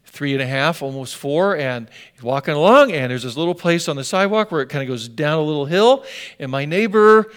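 A man's voice: fairly high pitch, fairly bright tone. An older man preaching a sermon, telling stories with folksy asides and hammering points home with emphatic repetition. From US Northwest. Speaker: pastor.

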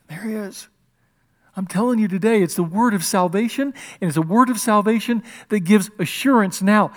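Impassioned male preacher, rather high voice. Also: brisk. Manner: impassioned, swings from loud emphasis to hushed whispers. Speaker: pastor. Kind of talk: sermon. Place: church.

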